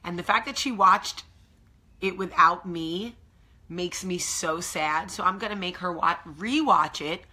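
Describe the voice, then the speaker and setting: Low-voiced, bright New Jersey woman. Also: a little slow. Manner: chatty, emphatic, confessional. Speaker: host. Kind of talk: casual morning vlog chat. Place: at home.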